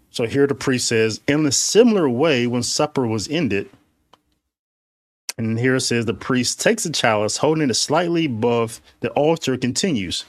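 A man's voice: mid-range voice, dry recording. A man reading the words of the Mass aloud and commenting on them in a critical, casual way. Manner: reads liturgy slowly and deliberately, then comments casually.

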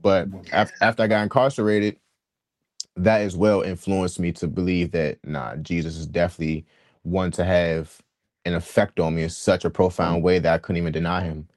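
Deep-voiced young man telling his story. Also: moderate pace, no echo, clean studio sound. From Washington, D.C. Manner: earnest and animated, with street slang and frequent restarts. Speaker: guest sharing his testimony. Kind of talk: candid personal storytelling.

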